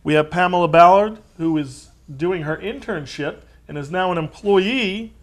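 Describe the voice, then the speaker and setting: A man's voice: high voice, normal speed. Joking man hosting a cooking show. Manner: jokey, teasing banter. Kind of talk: casual studio chat.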